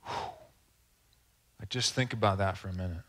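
A man's voice: low-pitched, normal speed, fairly bright tone. Earnest, conversational male preacher. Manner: conversational, earnest, with rhetorical asides to the congregation. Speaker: pastor. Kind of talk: sermon.

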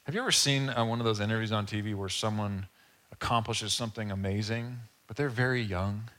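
A man preaching a sermon in a conversational, casual way, with asides and quick acted-out quotes. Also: on the low side, fairly even intonation, sharp tone. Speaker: pastor.

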